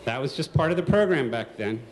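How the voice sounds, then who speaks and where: Man, sixties, live storytelling, comic, self-mocking, animated pitch. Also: brisk, a little hiss or hum. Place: stage at a live storytelling event.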